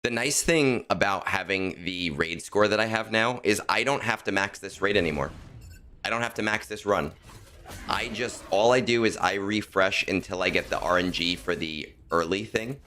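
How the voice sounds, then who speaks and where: Streaming a video game, this man has a low-leaning voice with a bright, forceful edge and a moderate pace. He chats casually with viewers, muttering to himself and self-correcting as he works out his moves.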